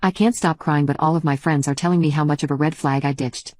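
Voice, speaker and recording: Low-voiced woman narrating a story. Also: fairly even intonation, quick pace, a little mellow. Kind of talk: reading a first-person story.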